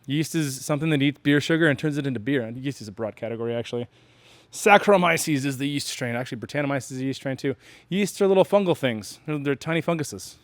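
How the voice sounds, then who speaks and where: American guy rambling about homebrew, lots of uh and um, pretty smooth voice, dry close sound. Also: mid-range voice, fast talker, dry recording. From United States. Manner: self-deprecating, rambling with many fillers. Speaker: homebrewing channel host. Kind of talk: casual explainer talk.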